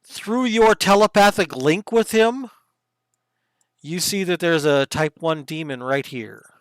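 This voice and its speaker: Young man, game master for online tabletop session; smooth, slightly high voice, dry close mic. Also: no room sound. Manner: casual, quick asides while running the game software. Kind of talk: narrating a tabletop game over voice chat.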